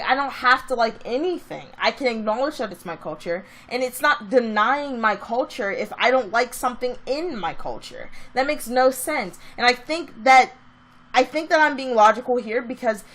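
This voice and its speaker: A woman's voice: a little high, expressive, normal speed, a bit bright. A woman vlogger telling a story in a casual, chatty way that turns into a heated rant.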